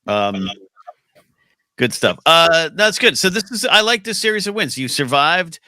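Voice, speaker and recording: Lively playful man, bright voice. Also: a little high, a little slow, no room sound. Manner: playful, giggly teasing. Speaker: podcast host. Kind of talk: casual chat.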